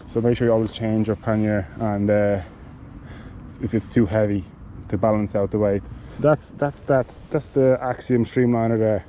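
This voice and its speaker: A man giving a casual product demonstration of cycling gear, talking in a halting way with many fillers and restarts. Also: fairly low pitch, fairly even intonation, mellow, a little hiss or hum, rough recording.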